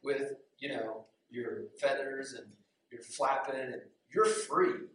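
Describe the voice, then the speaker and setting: A man doing a quiet, wistful caged peacock. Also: medium pitch, fast, a little hiss or hum, pitched below the performer's own voice, lightly acted. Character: caged male peacock, wistful and longing for freedom. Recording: very echoey room, distant mic.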